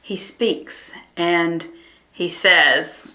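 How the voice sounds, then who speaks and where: A woman teaching a conversational Bible lesson in an earnest, reflective way, pausing with ums and restarting her thoughts. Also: fairly low pitch, bright, forceful tone, roomy sound.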